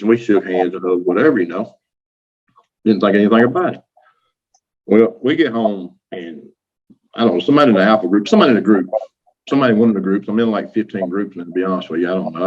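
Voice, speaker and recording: Southern man, guest, husky, lowish voice, lo-fi audio. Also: a little mellow. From Louisiana. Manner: chatty, laughs often, acts out quotes. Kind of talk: casual storytelling. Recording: dull lo-fi audio.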